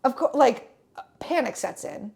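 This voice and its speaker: A woman's voice: high-pitched, very animated, unhurried, creaky, darkish tone. A young woman telling a rambling travel story on a casual podcast, with lots of fillers and restarts. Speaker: podcast co-host.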